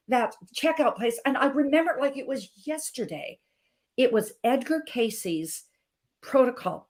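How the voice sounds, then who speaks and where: A middle-aged woman from Montana, with a voice on the high side, appears on a video call as a guest health coach. She tells her personal story, swinging dramatically between hushed and emphatic tones.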